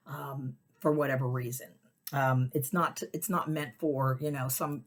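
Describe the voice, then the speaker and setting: Low husky woman telling a rambling story. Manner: rambling, with restarts and whispered asides. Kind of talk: casual personal anecdote.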